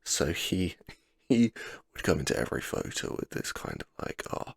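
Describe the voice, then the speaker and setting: A man rambling through a self-deprecating story in a soft, sleepy gameplay commentary, sometimes dropping to a near-whisper. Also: a bass voice, huge pitch swings, normal speed, gravelly, husky, dry recording, studio quality. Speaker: gaming channel host.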